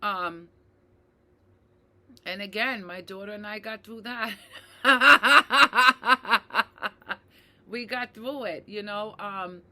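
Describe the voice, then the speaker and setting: A woman talking earnestly to her viewers, reflective and slow to repeat key phrases, often checking in with "right?" and addressing them as "you guys". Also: medium pitch, fairly even intonation, bright, forceful tone. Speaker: mental health advocate. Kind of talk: personal talk to camera.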